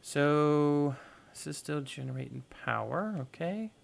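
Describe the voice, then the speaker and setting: A man's voice: on the high side, expressive, a little slow, creaky. A man hosting a gaming video, giving casual let's-play commentary and thinking aloud with playful, goofy exclamations.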